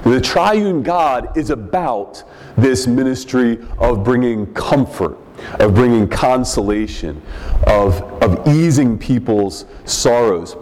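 Man, pastor, sermon, slow measured delivery, repeats words, long hall reverb. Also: medium pitch, animated, a little mellow. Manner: measured, teaching tone with frequent word repeats. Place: church sanctuary.

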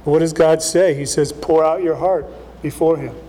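A man's voice: on the high side, steady tone, normal speed, dark tone. A middle-aged male pastor preaching a sermon in a casual, conversational way, often checking in with the congregation. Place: church hall. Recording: long hall reverb.

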